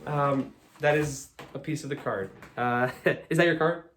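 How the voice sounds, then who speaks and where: American male magician, young, slightly high voice, jokey and chatty patter. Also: unhurried, fairly bright tone, slight background noise. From United States. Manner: chatty, joking, self-deprecating. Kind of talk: live magic show patter.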